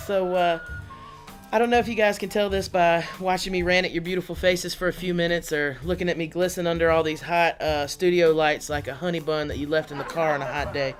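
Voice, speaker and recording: Woman comic, animated rambling delivery, faint music underneath. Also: sits low. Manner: animated, chatty, laughing often. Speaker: stand-up comedian. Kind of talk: stand-up comedy set. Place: studio under lights.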